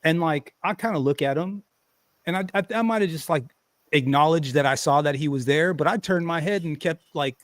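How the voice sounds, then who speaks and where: Brief: high-pitched man, animated profane storyteller, dry close sound. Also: brisk, dry recording. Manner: animated, profane, acts out quotes loudly. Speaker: podcast host. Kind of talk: casual storytelling chat.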